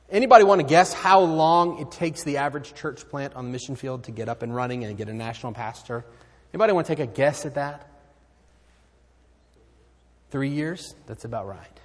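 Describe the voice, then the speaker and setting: A man speaking as a missionary, making an earnest appeal in a sermon, swinging from loud exclamations to hushed near-whispers. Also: medium pitch. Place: church sanctuary. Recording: hall reverb.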